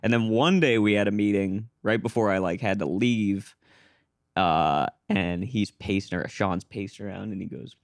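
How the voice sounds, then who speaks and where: A young man with a low voice tells a rambling story on a podcast, slipping into the voices of the people he describes. The sound is dry and close, with no room around it. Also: normal speed, no echo. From small-town American. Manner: animated storyteller acting out quoted voices. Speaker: podcast host. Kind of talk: casual storytelling.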